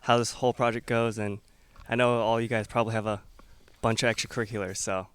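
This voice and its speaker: A man's voice: lowish voice, level tone, quick pace, fairly bright tone, clean tone, dry recording. A young adult man engineer introducing himself, upbeat and a little hesitant. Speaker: engineer mentor. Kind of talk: self-introduction at an event.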